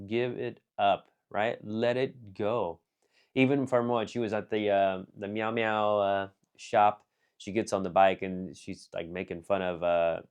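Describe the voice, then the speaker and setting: In a clean tone on the low side, a man casually reviews an anime film. He rambles along with lots of fillers and restarts, flipping between excited bursts and quiet muttered asides.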